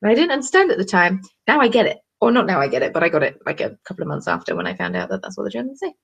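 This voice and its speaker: A young woman hosting a live craft stream, chatting in a bubbly, excitable way. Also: medium pitch, racing, gravelly, husky. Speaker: craft channel host. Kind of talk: casual live-stream chat.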